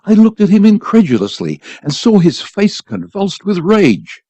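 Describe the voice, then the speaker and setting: A man's voice: sits high, big pitch swings, moderate pace, warm tone, dry recording. A man reading a short story aloud for a volunteer radio program, telling it expressively.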